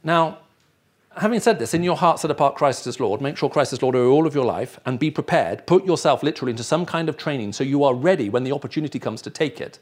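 A man's voice: mid-range voice, expressive, quick pace. A middle-aged man with an English accent, raised in the Middle East, preaching a sermon to a live audience and often checking in with his listeners. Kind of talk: sermon teaching.

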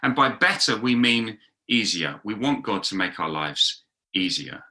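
A pastor, a man of middle age, preaching a sermon with lively storytelling and quoted voices acted out. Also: lowish voice, a little slow. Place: talk recorded for an online gathering.

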